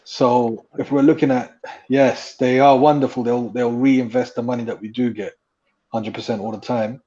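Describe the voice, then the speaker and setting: A man's voice: medium pitch, steady tone, normal speed, dark tone, highs cut off. A man in a casual fan panel chat, hesitant with many restarts as he makes his point.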